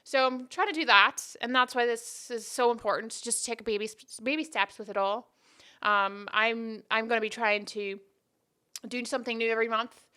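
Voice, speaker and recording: A woman's voice: fairly high pitch, moderate pace, bright, forceful tone, clean tone. A woman hosting her own podcast, chatting casually and rambling off on tangents in a self-deprecating way. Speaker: podcast host. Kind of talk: casual solo podcast chat.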